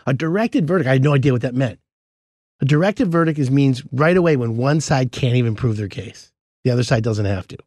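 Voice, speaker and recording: A man's voice: mid-range voice, expressive, a little fast, darkish tone, no room sound, studio quality. A man co-hosting a podcast, telling a story in casual chat and acting out the other people's voices as he goes.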